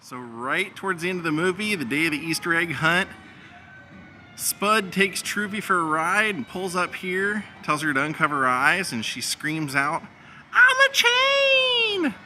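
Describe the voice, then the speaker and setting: A chatty man guiding a film location tour outdoors, laughing as he retells scenes. His voice is slightly high and strikingly bright. Faint outdoor ambience with passing vehicles sits behind him. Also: normal speed, a little hiss or hum. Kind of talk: casual vlog narration.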